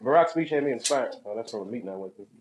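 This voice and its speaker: A man's voice: medium pitch, lively intonation, racing, noisy background. A man, a stand-up comedian, chatting casually and laughing with fans after a show. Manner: laughing, loose and joking. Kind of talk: casual banter with audience.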